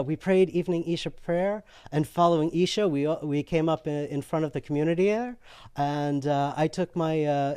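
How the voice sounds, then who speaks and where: Man, interview guest; animated storyteller with a slightly high voice, recorded dry. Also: clean tone, dry recording. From United States. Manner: animated, acts out voices in his story, laughs often.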